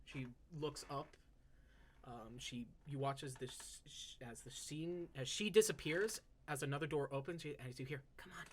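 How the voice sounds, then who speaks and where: A game master slowly narrating a tabletop game, telling the scene dramatically with frequent restarts. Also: medium pitch, slight background noise. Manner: slow, dramatic storytelling with restarts.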